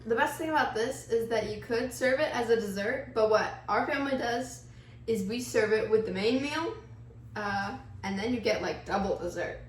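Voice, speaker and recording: A woman with a Texas accent hosting a casual cooking video in a home kitchen, bubbly and enthusiastic. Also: fairly high pitch. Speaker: cooking vlog host. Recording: echoey kitchen with faint noise.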